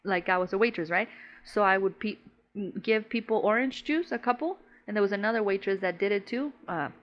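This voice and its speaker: A woman's voice: mid-range voice, fairly quick, lo-fi sound. A woman co-hosting a podcast, telling stories in casual, profane slang, saying "bro" a lot and laughing as she talks. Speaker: podcast co-host. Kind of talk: casual storytelling chat.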